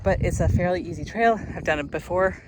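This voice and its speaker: A woman's voice: lowish voice, brisk, background noise. A young woman chatting casually in a walking vlog on an outdoor hiking trail. She talks in an upbeat, rambling way and is slightly out of breath from carrying a load. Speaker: vlogger.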